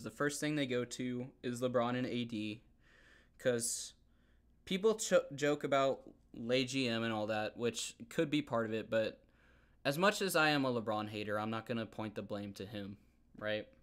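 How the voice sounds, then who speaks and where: A young man hosting a podcast, ranting heatedly about basketball in a casual, animated way and often repeating himself. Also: mid-range voice. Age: young adult. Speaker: podcast host. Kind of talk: casual sports rant.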